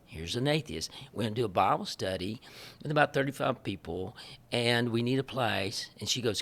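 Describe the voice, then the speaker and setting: A man, a missionary guest telling lively stories in an interview and acting out the dialogue, often laughing. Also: mid-range voice, moderate pace, vocal fry. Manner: animated, laughing storyteller who acts out quoted dialogue. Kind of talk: storytelling in a podcast interview.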